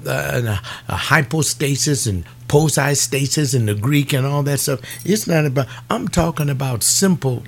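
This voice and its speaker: A man preaching a fervent webcast sermon, pleading with his listeners and rising in pitch on his emotional appeals. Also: a little mellow.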